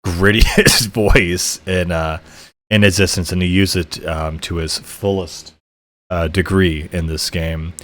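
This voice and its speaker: A man hosting a podcast, talking casually about a video game with many fillers, restarts and frequent throat clearing. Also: low voice, a bit bright. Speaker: podcast host. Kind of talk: casual game review talk.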